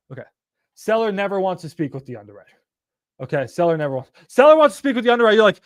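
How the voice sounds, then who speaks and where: Man, high-pitched casual coach, animated and profane, dry close sound. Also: fast, dry recording. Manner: animated, profane, acts out phone calls. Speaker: real estate investing coach.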